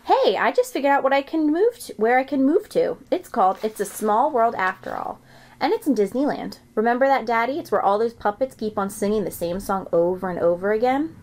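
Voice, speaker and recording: A woman's voice: on the high side, animated, a little fast, darkish tone, voice pushed up. Woman playing Junie B., a spunky little girl. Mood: excited. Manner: eager, chattering questions.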